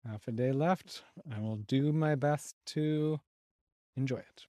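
A podcast guest talking over a remote call in a measured, deliberate, slightly formal way. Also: medium pitch, mellow, no room sound, studio quality. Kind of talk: casual chat wrapping up a remote conversation.

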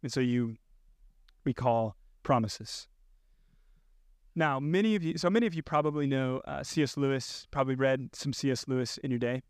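A man's voice: a little high, clean tone, dry recording, clean studio sound. A male pastor preaching a sermon, earnestly reading quoted passages aloud. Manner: earnest, reads quotes with rising intensity.

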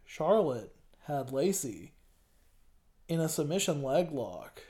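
A man's voice: a little high, sing-song, takes it slowly, warm tone. Hesitant rambling man hosting a podcast. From US South. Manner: rambling, hesitant, many ums. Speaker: podcast host. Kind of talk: casual chat.

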